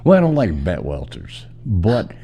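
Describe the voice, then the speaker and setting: A man's voice: low voice, huge pitch swings, unhurried, mellow, breathy edge. A man hosting a live trivia show, playfully goading a panelist and cracking jokes over a video call. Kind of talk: casual banter on a live stream.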